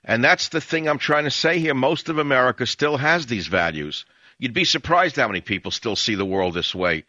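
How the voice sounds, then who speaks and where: A man's voice: mid-range voice, animated, brisk, sharp tone, no room sound. A man hosting a radio call-in show, ranting emphatically and reading aloud in a fiery manner. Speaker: radio talk show host. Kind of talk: talk radio monologue and call-in. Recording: dull lo-fi radio broadcast.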